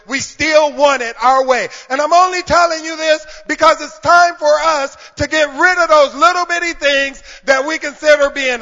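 High-voiced preacher in an echoing church. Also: male voice. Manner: call-and-response with the congregation, swings from hushed to shouting. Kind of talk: sermon. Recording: reverberant hall, dull lo-fi sound.

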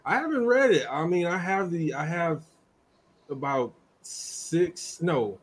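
A man co-hosting a casual chat, talking in an animated, emphatic way and jumping up in pitch to stress his points. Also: takes it slowly, husky.

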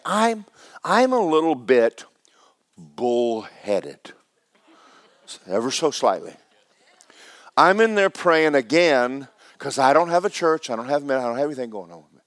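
A man preaching a sermon, loud and emphatic at times and sinking to a hushed near-whisper at others. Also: mid-range voice, sing-song, normal speed, no room sound, clean studio sound.

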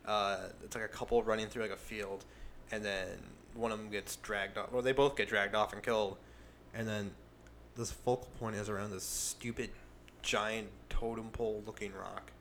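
A man's voice: lowish voice, steady tone, a bit bright, slight background noise. A young man co-hosting a podcast, chatting casually about a movie, with lots of fillers and restarts. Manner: rambling, filler-heavy, quick to laugh. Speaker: podcast co-host. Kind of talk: casual movie review chat.

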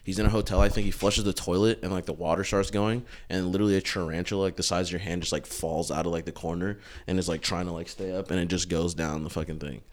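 A young man talks fast in a loose, slang-heavy casual chat. His voice sits very low. He swears freely and laughs easily. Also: steady tone.

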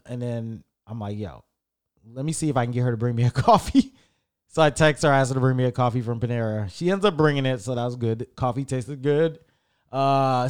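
A man's voice: medium pitch, smooth. A young man telling a long personal story in a casual, rambling way, often correcting himself. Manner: rambling, self-correcting, animated retelling.

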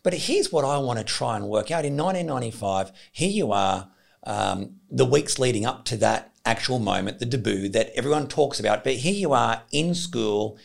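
A man hosting a podcast interview, asking questions in a measured, reflective way with frequent fillers. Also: mid-range voice, animated, creaky. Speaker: podcast host.

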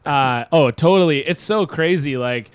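A man's voice: a little high, measured pace, smooth, no echo. A man co-hosting a casual sports podcast, telling stories and acting out quotes. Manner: animated storyteller, acts out quotes. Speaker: podcast co-host. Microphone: studio mic.

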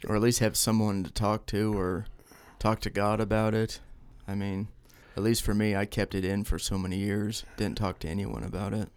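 A man's voice: lowish voice, level tone, moderate pace, few pauses, clean tone, dry recording. A man who works as a counselor, chatting on a podcast with short, supportive replies. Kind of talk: casual podcast conversation.

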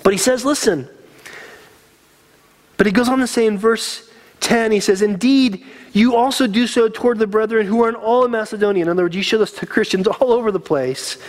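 A man's voice: high-pitched, a little fast. A man preaching a sermon as a pastor, earnest and conversational, getting teary.

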